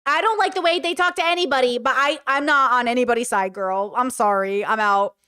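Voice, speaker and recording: A woman's voice: fairly high pitch, fairly quick, sharp tone, clear, resonant tone, dry recording, clean studio sound. A woman doing casual reaction commentary, reading text messages aloud and reacting bluntly. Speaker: commentary streamer.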